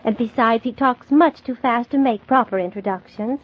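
A woman playing a gentle, high-voiced hostess. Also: moderate pace, slight background noise, close to an everyday voice. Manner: soft, gentle, laughs often. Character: kindly gentle woman who hosts a holiday house. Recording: dull lo-fi old recording.

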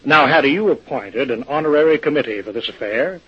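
An actor playing a folksy small-town businessman who talks in a slow, hesitant drawl in a vintage radio drama. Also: medium pitch, expressive, breathy edge. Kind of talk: 1940s radio acting. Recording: dull old radio recording.

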